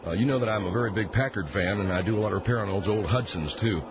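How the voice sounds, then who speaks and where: A man's voice: lowish voice, very fast, a crowd in the background, natural voice. A man playing a folksy, rambling middle-aged mechanic who hosts a call-in car show in a comedy radio sketch. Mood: blustering. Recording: muffled lo-fi, loud background noise.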